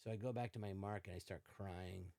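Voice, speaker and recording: An older man, a podcast guest, telling animated anecdotes in casual chat and slipping into quoted voices. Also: low-pitched, a little fast, slight background noise. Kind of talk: casual storytelling.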